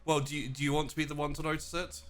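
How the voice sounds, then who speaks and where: A man running a tabletop role-playing game as game master, animated and prone to laughing and mimicking sounds. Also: fairly high pitch, racing, faint music behind.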